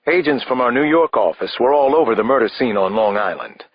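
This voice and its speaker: A man narrating a first-person thriller audiobook in a measured, expressive way. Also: medium pitch, a little hiss or hum. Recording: slightly dull, dry studio audiobook.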